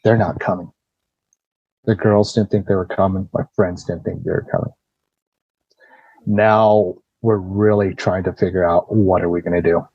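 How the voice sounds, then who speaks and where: A man's voice: low voice, fairly even intonation, moderate pace, long pauses, slightly rough, muffled recording. A man who is a podcast guest, recounting a personal ordeal in casual, blunt, profane storytelling full of "you know" and "like".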